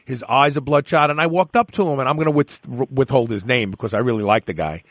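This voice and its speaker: A man hosting a radio talk show, speaking in an emphatic, lively way. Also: mid-range voice, fast talker, no room sound.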